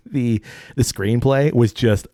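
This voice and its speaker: A man co-hosting a podcast in casual chat, rambling and relaxed, with lots of fillers. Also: medium pitch, slow, dry recording, studio quality. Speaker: podcast co-host.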